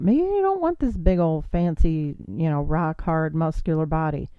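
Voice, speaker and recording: A woman's voice: low-pitched, animated, normal speed, clean tone, dry recording, dull audio. A woman hosting a podcast, giving an earnest motivational talk full of rhetorical questions and coaching asides. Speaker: podcast host. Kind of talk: motivational monologue.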